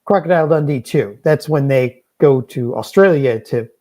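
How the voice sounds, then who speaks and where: A man's voice: mid-range voice, animated, normal speed, a little mellow. A man co-hosting a podcast, giving wry, opinionated movie opinions with joking asides in casual chat. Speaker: podcast co-host.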